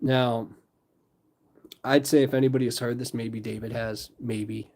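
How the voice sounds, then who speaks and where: A man's voice: medium pitch, level tone, a little slow, a little mellow. A man hosting a casual livestream, chatting loosely with viewers, laughing often and wandering into rambling asides. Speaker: livestream host and storyteller.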